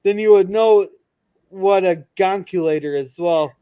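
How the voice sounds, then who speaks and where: Casual male streamer, high voice, meandering delivery, dull close mic. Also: mellow, clear, resonant tone. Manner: rambling, halting, many restarts. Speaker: livestream host reading chat comments. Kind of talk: casual chat and joke telling.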